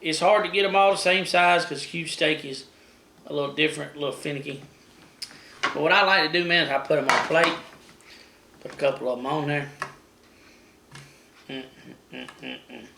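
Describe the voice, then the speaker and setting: A man's voice: on the high side, fairly quick, gravelly, pauses often, background noise. A middle-aged man hosting a casual home cooking demo, chatty and folksy, talking to viewers as guys. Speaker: cooking show host. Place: home kitchen.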